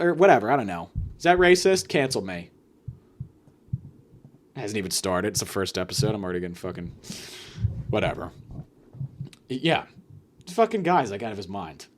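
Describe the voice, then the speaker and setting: A man hosting a podcast, delivering a profane, sarcastic comedic rant that swings between loud outbursts and mutters. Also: a little high, very animated, normal speed, long pauses. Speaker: podcast host.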